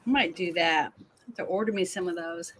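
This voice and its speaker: A woman's voice: fairly low pitch, brisk, a bit bright, slight background noise. A woman in casual stream chat, reacting with amusement to memes.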